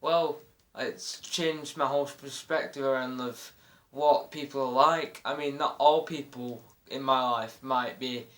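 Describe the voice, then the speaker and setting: A man's voice: medium pitch, fairly even intonation, a little slow, fairly bright tone, slight background noise. A man chatting casually, hesitant and searching for words as he goes. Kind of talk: casual chat.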